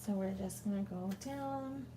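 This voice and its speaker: A woman's voice: mid-range voice, unhurried, background noise. A woman chatting casually as she walks through making a handmade card, talking to herself as she works. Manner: chatty, talks to herself while working. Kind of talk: casual crafting tutorial.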